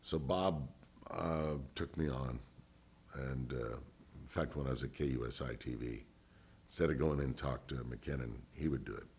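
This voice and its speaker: A man's voice: rumbling low, normal speed, creaky, a little hiss or hum. An older man, a former radio DJ, telling stories in an oral history interview and acting out the voices of people he quotes. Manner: animated storyteller who acts out others' voices.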